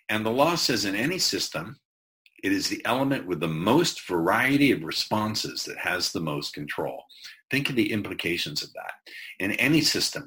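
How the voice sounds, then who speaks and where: A man with a low, deep voice and a bright, forceful edge teaches a recorded course on rapport. He talks in a chatty way, tosses in jokey asides, and speeds up or slows down to make his points. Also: poor audio. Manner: conversational, jokey asides, varies pace for emphasis. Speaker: sales and persuasion instructor.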